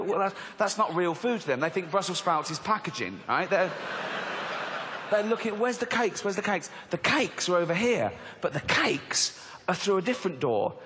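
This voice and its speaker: English man, stand-up comedian, lively swooping pitch, mocking delivery, echoing theatre hall, faint ambience. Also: a little fast, a little hiss or hum. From England. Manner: animated, mocking, slips into squeaky put-on voices. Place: large theatre stage. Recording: live hall with reverb and crowd.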